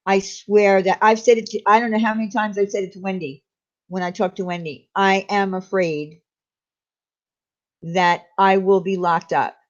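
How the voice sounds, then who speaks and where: Woman, live stream host, casual chat, candid, confiding, middle pitch, dull lo-fi audio. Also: steady tone, moderate pace. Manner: candid, confiding, reads out viewer names.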